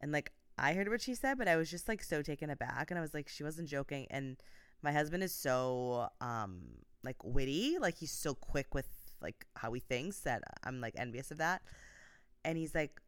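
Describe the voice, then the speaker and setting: A woman's voice: low voice, lively intonation, normal speed, clear, resonant tone, no echo, studio quality. Upbeat chatty woman podcast host. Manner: chatty and upbeat, many "like" fillers. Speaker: podcast host, life coach. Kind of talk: casual solo podcast talk.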